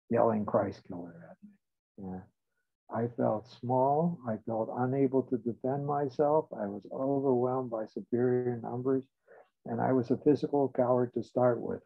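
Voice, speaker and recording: An older man, a psychotherapist, calmly tells stories from his practice and repeats past conversations. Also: medium pitch, gravelly. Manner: measured, recounting dialogue with shifts in loudness. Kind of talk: reflective storytelling. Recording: tinny phone-like line.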